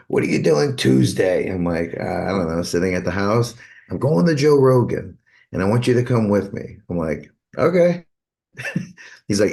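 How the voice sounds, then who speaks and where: A man's voice: deep voice, darkish tone. A man, a musician's manager, telling a long anecdote in a casual interview and acting out the back-and-forth dialogue. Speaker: guitarist's manager.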